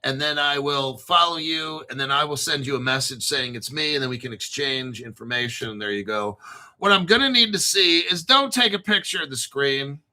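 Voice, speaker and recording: Bright-voiced profane crypto host. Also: male voice, mid-range voice, moderate pace. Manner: rambling, profane, reads off long lists. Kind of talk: casual livestream chat.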